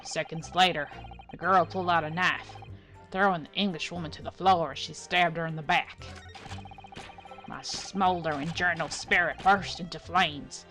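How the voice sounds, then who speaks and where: A woman's voice: on the low side, fairly even intonation, moderate pace, fairly bright tone, soft background music, close to an everyday voice. A woman voicing a brash male journalist with a southern twang, reading his testimony in a drawling, boastful way.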